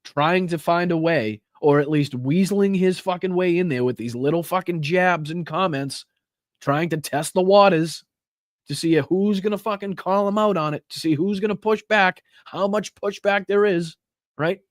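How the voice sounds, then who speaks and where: A man's voice: high-pitched, moderate pace, no echo, clean studio sound. A man ranting on a political live stream, swearing heavily, stressing words and tagging lines with "right?". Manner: heavy swearing, emphatic, repeats 'right?'.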